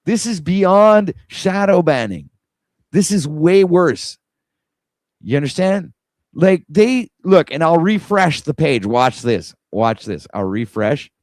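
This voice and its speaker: A man's voice: on the high side, expressive, slow pace, darkish tone, no echo. A man hosting a casual livestream, rambling in an exasperated way and talking to his viewers while he scrolls. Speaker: livestream host.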